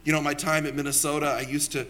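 A man's voice: fairly high pitch, little pitch movement, fast, fairly bright tone. A young man preaching a sermon in a church, talking conversationally, asking the congregation questions and telling personal stories.

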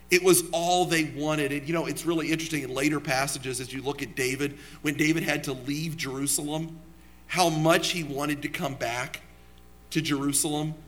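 A man's voice: on the high side, a bit bright. A young man preaching a sermon in a church, talking conversationally, asking the congregation questions and telling personal stories.

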